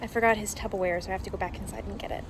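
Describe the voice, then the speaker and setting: A young woman vlogging casually about her day, rambling and candid, then gushing in high baby talk to her dog. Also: fairly even intonation, very fast, heavy background noise. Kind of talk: casual vlog chat.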